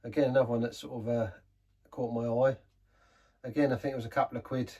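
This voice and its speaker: English man, husky, rambling beer-review vlogger who repeats himself. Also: medium pitch, level tone, quick pace, dark tone, dull audio. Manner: rambling, self-mocking, repeats words, laughs often. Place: pub.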